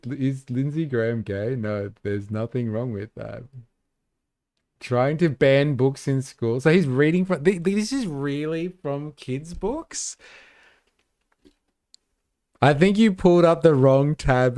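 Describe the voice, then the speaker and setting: A man's voice: medium pitch, takes it slowly, darkish tone, no room sound, clean studio sound. A man hosting a livestream, casually commenting on news clips with sarcastic, profane reactions. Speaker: livestream host.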